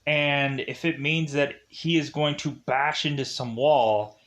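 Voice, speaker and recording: Taking it slowly, a man reviews a movie in a casual, rambling, digressive way, with "like" and "uh" at every turn. His voice is on the high side and fairly bright.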